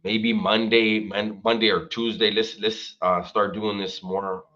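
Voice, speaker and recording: Bright-voiced man chatting on a livestream. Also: lowish voice, little pitch movement, unhurried, highs cut off. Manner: slangy, swears a lot, talks straight to viewers. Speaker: livestream host. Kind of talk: casual livestream chat.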